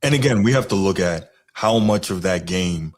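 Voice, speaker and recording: Deep-voiced man hosting with hesitant fillers. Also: lively intonation, moderate pace. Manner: hesitant, lots of "you know" and restarts. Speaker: podcast host. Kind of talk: casual chat.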